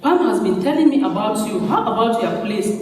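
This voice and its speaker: A man's voice: high voice, lively intonation, fairly quick. A man doing an anxious mother. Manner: anxious, fussing. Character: anxious middle-aged mother. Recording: echoey hall from far off.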